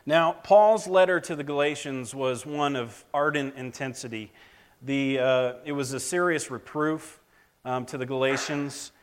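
Man, lay preacher, direct, halting sermon delivery, average pitch. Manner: plainspoken, halting, many fillers and restarts.

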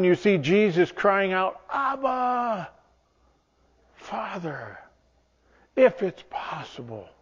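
A man teaching from the Bible in a sermon, earnest and searching, often restarting his sentences and dropping to a hush on tender points. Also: fairly high pitch. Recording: dull lo-fi recording.

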